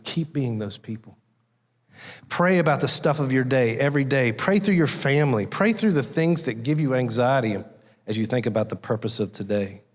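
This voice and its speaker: Folksy male preacher in a reverberant church. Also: mid-range voice. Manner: folksy, storytelling, acts out voices in anecdotes. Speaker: guest preacher. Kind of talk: conversational sermon. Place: church sanctuary. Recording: long hall reverb.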